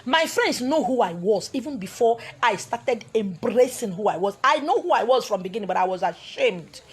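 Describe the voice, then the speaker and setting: A woman with a Nigerian accent telling a story in an animated way, slipping into Igbo and pidgin. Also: on the high side, normal speed, slightly rough. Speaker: spiritual teacher. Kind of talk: storytelling talk.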